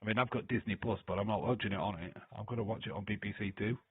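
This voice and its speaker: A man's voice: lowish voice, very fast, husky, no echo. A man hosting a live watch-along stream, reading chat comments aloud and joking, teasing and laughing often. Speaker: livestream host. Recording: dry, phone-like lo-fi sound.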